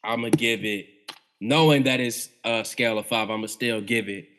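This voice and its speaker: A man's voice: fairly low pitch, fairly even intonation, moderate pace, fairly bright tone. A man co-hosting a casual podcast chat, easygoing and slangy, turning enthusiastic as he talks. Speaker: podcast co-host.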